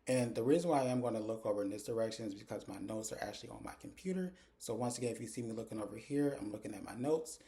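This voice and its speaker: A man's voice: on the low side, rapid-fire, hardly any pauses, mellow. A man talking into his phone camera in a chatty, casual recap of a TV episode, retelling scenes by quoting the characters. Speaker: TV episode reviewer.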